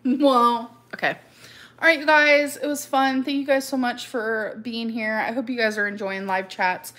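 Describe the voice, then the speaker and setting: A woman talking in a loose, rambling way during a casual live chat with her viewers, filling pauses with "um" and "like" and laughing easily. Her voice sits a little high and sounds bright and clear. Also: fairly even intonation. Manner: chatty, rambling, many fillers and laughs. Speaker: live stream host.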